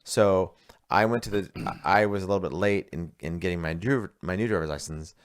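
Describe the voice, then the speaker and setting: Deep-voiced man in rambling podcast chat. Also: expressive, normal speed. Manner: rambling, storytelling, many fillers and restarts. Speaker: podcast co-host.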